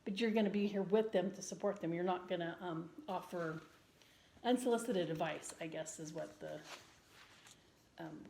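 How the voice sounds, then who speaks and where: Gentle woman chatting in an echoey room. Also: fairly low pitch, moderate pace, creaky. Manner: earnest, gentle, many ums and restarts. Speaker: vlogger. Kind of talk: casual chat. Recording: roomy indoor echo.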